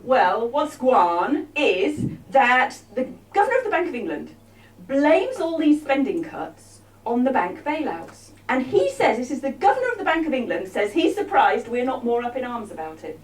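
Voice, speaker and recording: A woman's voice: high-pitched, sing-song, moderate pace. Wry woman comic in an echoey hall. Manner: wry, chatty, teasing. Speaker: comic performer. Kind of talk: live comic show with audience banter. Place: arts venue stage. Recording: roomy, echoey hall from far off.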